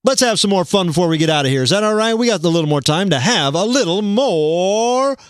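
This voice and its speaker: A man hosting a livestream comedy show, rambling and deadpan, contradicting himself as he goes. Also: high voice, a little fast, very noisy.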